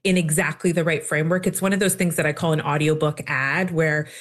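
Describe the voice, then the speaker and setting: A guest on a podcast explains ideas in a thoughtful, measured way. The voice sits at a medium pitch. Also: fairly even intonation, a bit bright. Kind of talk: casual chat.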